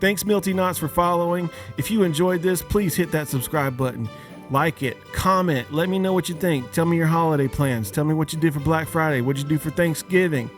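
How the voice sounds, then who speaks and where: A man's voice: on the high side, a little fast, soft background music. A man hosting a podcast, a father of young kids, delivering a joking, casual holiday rant and firing many questions at his listeners. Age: adult, father of young kids. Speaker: podcast host.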